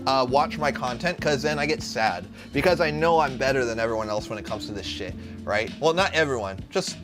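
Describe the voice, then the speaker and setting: A brash young man talks his way through a live cooking stream, swearing freely and drifting off topic. His voice sits a little high and swings widely up and down. Guitar music plays clearly under him. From Arizona. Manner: brash, profane, jumps between topics.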